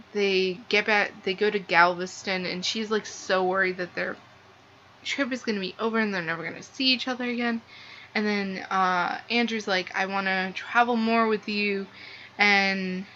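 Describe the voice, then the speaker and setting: A woman's voice: medium pitch, pushed and bright. A young woman casually reviewing a book, rambling and gushing with lots of "like". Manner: gushing, rambling, heavy use of "like". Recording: slightly dull lo-fi sound with faint noise.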